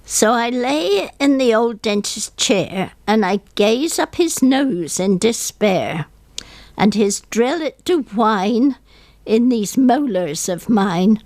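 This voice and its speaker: A woman's voice: fairly high pitch, animated, slow pace, darkish tone, no room sound. A woman voicing a rueful older woman lamenting her rotten teeth, in an English country accent, with a lilting comic recitation. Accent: English country accent, impression of a poet.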